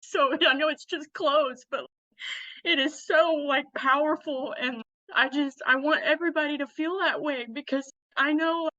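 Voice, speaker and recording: A woman guest telling her story in casual conversation, animated and blunt, laughing often. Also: high-pitched, a little slow, no echo. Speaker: guest, Western fashion influencer. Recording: dull lo-fi dry sound.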